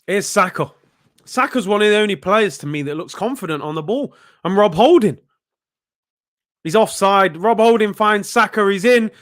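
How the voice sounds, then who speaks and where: A young man hosting a live football watchalong, reacting excitedly and yelling at the players. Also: sits high, moderate pace. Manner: excitable, shouting at players, frequent outbursts. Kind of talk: live match reaction commentary.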